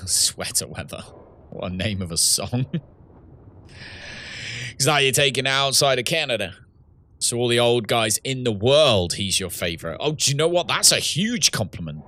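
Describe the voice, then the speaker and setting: A man's voice: mid-range voice, expressive, normal speed, pauses often, bright, forceful tone. A man, chatting casually with viewers while playing a game live, reading out chat messages and laughing often. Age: 30s. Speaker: streamer and host. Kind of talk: casual livestream gaming chat.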